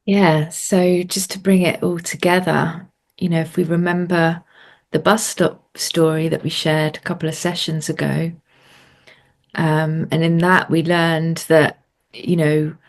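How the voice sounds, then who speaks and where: A woman with a low-pitched voice speaks as a coach in an online workshop. She thinks aloud in a reflective way, with soft fillers between her thoughts. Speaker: coach and series host. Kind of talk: teaching talk in an online workshop.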